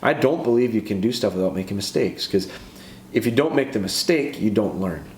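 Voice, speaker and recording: A man's voice: on the low side, animated, fairly quick, a little mellow. A man hosting a podcast as a dog trainer, explaining in a casual, earnest way and often restarting and repeating his phrases. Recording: echoey room with faint background noise.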